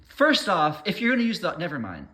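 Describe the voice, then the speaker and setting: A man's voice: high-pitched, huge pitch swings, a little fast, bright, forceful tone. A man rambling through an opinion monologue, trailing off mid-thought and waving his own points away with "never mind.".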